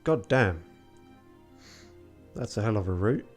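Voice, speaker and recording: Tired low-voiced man streaming a game. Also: expressive, slow, faint music behind. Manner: wry, muttering asides. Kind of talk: casual gameplay commentary, reading game text aloud.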